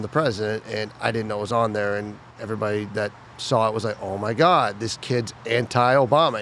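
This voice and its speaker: A man in casual podcast chat, telling animated stories and mimicking a shouting drill instructor. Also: fairly low pitch, a little hiss or hum. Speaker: podcast co-host.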